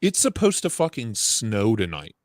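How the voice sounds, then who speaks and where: A man's voice: fairly low pitch, huge pitch swings, moderate pace. A man chatting casually, teasing his friend and laughing often. His voice sounds dry and close, with no room echo. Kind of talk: casual chat.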